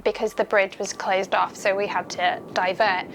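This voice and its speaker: A woman's voice: mid-range voice, level tone, moderate pace, a bit bright, a little hiss or hum. A young adult woman, an ultramarathon runner, recalling her race in a candid, chatty documentary interview full of "like" and "um".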